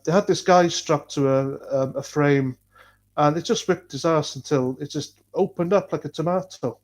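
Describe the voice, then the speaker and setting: A man from North Wales with a North Welsh accent, chatting casually on a livestream, blunt and rambling, swearing freely. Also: on the high side. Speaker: livestream host reading chat.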